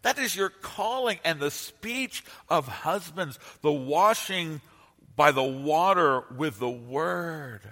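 A male pastor delivers an impassioned sermon, pressing his points with surging emphasis. His voice is bright and forceful, pitched somewhat high for a man. It rings out with the long reverb of a large church sanctuary. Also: animated, slow. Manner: impassioned and emphatic, with bursts of rising intensity.

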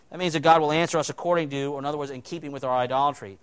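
A man delivering a sermon with a somewhat high voice. He preaches animatedly, pushing some lines out loudly and dropping others to a near murmur. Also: fast, few pauses, clean tone. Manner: animated preaching, dramatic swings between loud emphasis and quiet asides. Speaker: pastor.

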